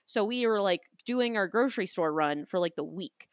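A woman co-hosting a podcast in casual chat, telling animated stories and acting out the people in them, with some casual swearing. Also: medium pitch, normal speed, clean tone, no echo, clean studio sound. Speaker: podcast co-host.

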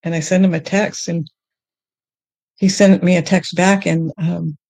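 A woman's voice: lowish voice, steady tone, vocal fry, a little mellow, dry recording. Earnest woman with a dry, close sound. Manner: earnest and emotional, halting with many restarts. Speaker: guest sharing her testimony. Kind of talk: personal faith testimony in a podcast conversation.

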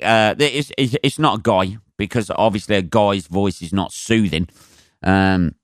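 A man's voice: on the low side, fairly bright tone, no room sound, clean studio sound. A male comedian hosting a podcast, ranting alone in a profane, rambling way. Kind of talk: solo podcast rant.

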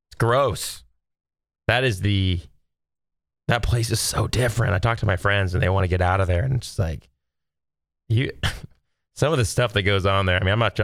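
A man's voice: deep voice, gravelly, no echo, studio quality. A man in his thirties, from Texas, talking casually to viewers from home in a rambling, exasperated rant full of fillers. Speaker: solo video host.

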